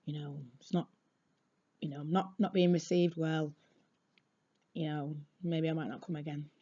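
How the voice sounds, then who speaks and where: A woman telling a blunt, lively story, warm voice. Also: low voice, normal speed, lo-fi sound, slight background noise. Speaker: football supporter. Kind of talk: casual storytelling.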